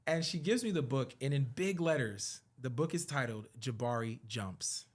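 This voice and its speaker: Male podcast guest, animated storyteller, earnest, acts out dialogue. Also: mid-range voice, normal speed. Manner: earnest and reflective when talking about his work and faith. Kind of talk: conversational storytelling.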